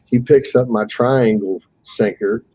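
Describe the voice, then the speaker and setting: A man's voice: mid-range voice, a little slow, a little mellow, husky, no echo, rough recording. A man telling a fishing story on a live call, casually and with animation, swearing freely and acting out the voices of the people he quotes.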